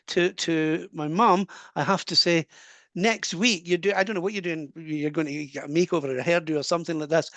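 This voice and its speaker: A man's voice: on the high side, steady tone, no echo. Scottish male medium, video call, dry close sound, earnest delivery. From Scotland. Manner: warm, earnest, relays messages with quick asides and laughs. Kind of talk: live mediumship reading.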